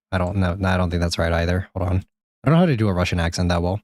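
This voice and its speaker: A man streaming a game live, rambling and joking with chat, swearing now and then, with sudden high-pitched exclamations. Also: steady tone, rapid-fire, darkish tone. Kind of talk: live gameplay commentary.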